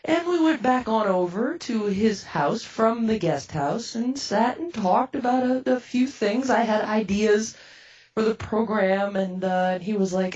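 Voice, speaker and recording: A radio producer with a mid-range voice tells a personal story in an unhurried yet lively way, acting out both sides of each conversation. She's recorded from a distance, and the highs are cut off.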